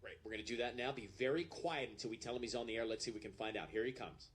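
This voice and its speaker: A man's voice: medium pitch, very fast, noisy background. A man hosting a radio call-in show, upbeat and bantering.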